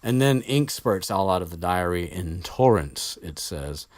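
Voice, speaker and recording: A man's voice: deep voice, lively intonation, measured pace, darkish tone, no room sound. A man casually retelling a story as podcast host, rambling with swearing and many fillers, close to the mic.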